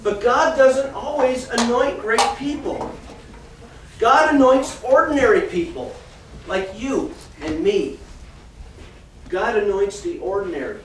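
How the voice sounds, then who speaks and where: A man teaching a children's church class, reading a Bible passage and then explaining it to the kids in a lively storytelling way. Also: very high-pitched, takes it slowly. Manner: animated storyteller, reads scripture then talks directly to the kids. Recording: echoey room from far off, faint noise.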